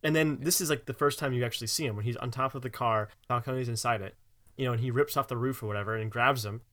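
A man's voice: mid-range voice, fast, a bit bright. A man chatting casually about a movie, loose and rambling, laughing along.

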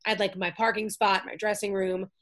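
Animated woman telling a wild story. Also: medium pitch, fairly quick. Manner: lively, acts out quoted voices, swears freely. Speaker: guest actress and comedian. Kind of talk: casual storytelling chat. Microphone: remote call.

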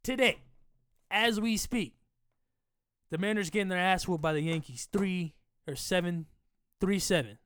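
A man's voice: high-pitched, moderate pace, pauses often, a bit bright, clear, resonant tone. A man hosting a podcast, chatting casually and profanely about sports, rambling and joking at himself. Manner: loose, profane, rambling, jokey. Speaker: podcast host.

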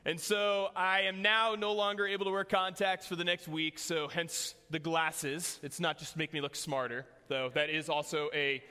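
A man's voice: fairly high pitch, level tone, moderate pace, hardly any pauses, sharp tone, smooth. A young man preaching a sermon in a casual, joking way, telling a personal story to his church. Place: church hall. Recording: long hall reverb.

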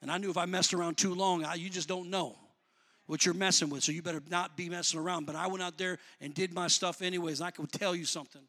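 A man preaching a sermon, talking in a plain, colloquial way to the congregation and rising to shouts before dropping back to easy talk. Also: sits high, fairly even intonation, quick pace. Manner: builds to shouting, then drops back to conversational.

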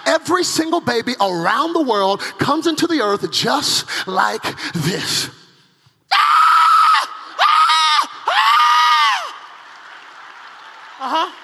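A male pastor preaching a dramatic sermon at a conference, swinging between loud acted cries and hushed, intense passages. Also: extremely high pitch, sing-song, unhurried, gravelly, hardly any pauses, crowd noise, noisy background. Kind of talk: energetic sermon. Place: large conference hall. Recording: live sermon with hall reverb and faint music.

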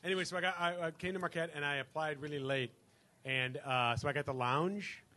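A man guest telling a rambling anecdote to a live audience, halting and full of ums, yet animated. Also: on the high side.

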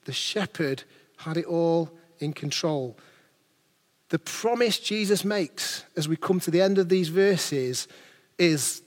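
A man's voice: fairly high pitch, takes it slowly, in a large hall. A man preaching a sermon as pastor, earnest and building his points through rhetorical questions.

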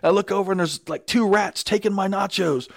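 A middle-aged man telling stories in a casual, animated, excitable way, acting out the quotes. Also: high voice, brisk, creaky, background noise. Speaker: guest. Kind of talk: casual storytelling.

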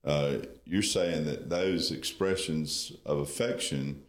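A man with an extremely deep voice co-hosts a frank marriage podcast. He teases, jokes and laughs a lot, and the room adds a clear echo. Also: steady tone, slow pace. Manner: teasing, joking, laughs a lot. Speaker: podcast co-host. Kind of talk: candid marriage podcast chat. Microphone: on camera.

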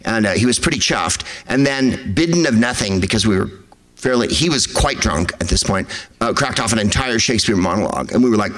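A man's voice: lowish voice, lively intonation, a bit bright, low-quality recording. Wry, rambling male storyteller. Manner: wry, digressive, quick impressions of others. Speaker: comedian telling stories. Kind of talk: rambling storytelling to a live audience.

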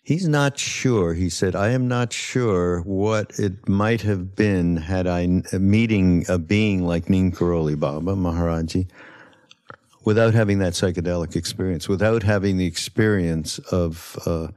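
Very deep-voiced podcast host. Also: male voice, a little slow, darkish tone. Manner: hesitant, many fillers. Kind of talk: casual chat.

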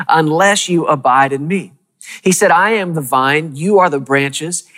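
Emphatic preacher in a reverberant hall. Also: male voice, a little high, fairly bright tone. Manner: emphatic, repeats key phrases, asks the audience questions; reads scripture slowly and deliberately. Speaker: pastor. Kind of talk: sermon.

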